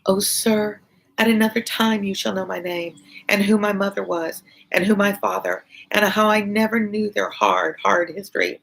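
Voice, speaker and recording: A woman voicing a gentle, devoted young woman who tenderly pleads with her father. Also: mid-range voice, steady tone, moderate pace, gravelly, a little hiss or hum, pitched above the performer's own voice, poor audio. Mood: tender pleading. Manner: tender, pleading, repetitive appeals.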